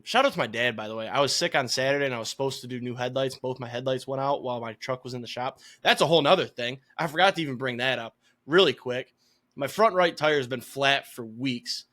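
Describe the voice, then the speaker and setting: A young man with a Michigan accent co-hosts a sports podcast, spinning long, rambling stories in casual conversation. He swears freely, and as he vents his voice gets louder and higher.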